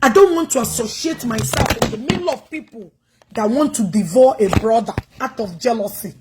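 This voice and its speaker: A Nigerian woman with an Igbo accent rants combatively on a livestream. Her voice sits high, and she scolds her viewers head-on. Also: lively intonation, brisk, noisy background.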